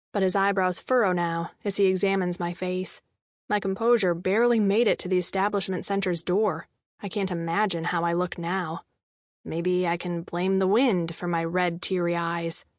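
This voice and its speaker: A woman's voice: on the low side, dry recording. Young woman narrating an audiobook, dry. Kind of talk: first-person scripted narration. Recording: dry studio voice-over.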